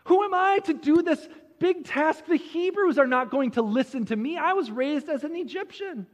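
A man's voice: very high-pitched, big pitch swings, measured pace, exaggerated voice. A man voicing Moses as a doubtful, anxious man who questions himself, while telling a story in a sermon. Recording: long hall reverb.

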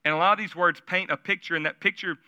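Bright, crisp-voiced male preacher. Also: high voice, fairly even intonation, fast talker, no room sound. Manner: conversational storytelling, asks the audience questions. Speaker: pastor. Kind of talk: sermon. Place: church service.

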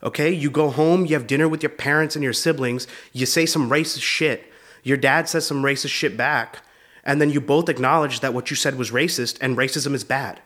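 Man, comedian, casual profane rant, mid-pitched voice. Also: normal speed, fairly bright tone. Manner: loose, profane, keeps saying dude. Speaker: comedian host. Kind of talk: comedy podcast monologue.

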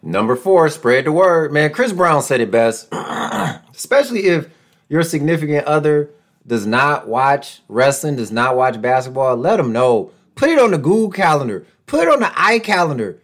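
Animated, excitable male podcast host. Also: moderate pace. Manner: excitable and joking, with big swings in pitch and loudness. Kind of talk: casual podcast monologue. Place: room at home with a door nearby.

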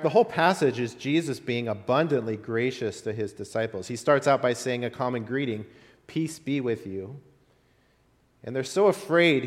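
Male pastor delivering a sermon with storytelling emphasis, mid-range voice, recorded with a long echoing reverb. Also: mid-range voice.

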